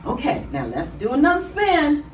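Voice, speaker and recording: A woman hosting children's storytime in a library. She speaks to small children in an animated way and draws out her words. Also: high voice, moderate pace, background noise. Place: library room. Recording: roomy, distant mic.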